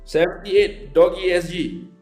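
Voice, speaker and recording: A man's voice: high voice, steady tone, a little slow, a little mellow, echoey room, soft background music. A man with a Singaporean accent teaching a live online maths lesson, chatting playfully and teasing students as they compete in a quiz. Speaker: maths tutor.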